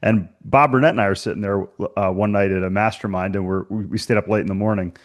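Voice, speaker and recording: A man's voice: lowish voice, fairly even intonation, quick pace. A man hosting a podcast interview, telling stories in a chatty way with lots of fillers. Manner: chatty storyteller, many "you know" fillers. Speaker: podcast host. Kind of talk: casual interview chat.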